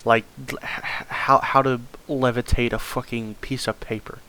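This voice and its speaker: A man's voice: medium pitch, flat delivery, normal speed, pushed and bright, a little hiss or hum. A man telling a rambling comedic story, stammering and repeating words and swearing often.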